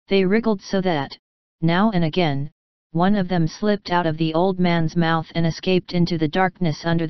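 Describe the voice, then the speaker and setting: A woman reads a bedtime storybook in a gentle voice and speaks to the children now and then. Her voice is low and very clear. The recording is dry and slightly muffled. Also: dry recording. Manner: gentle, addresses the children directly. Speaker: audiobook narrator. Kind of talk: scripted storybook narration.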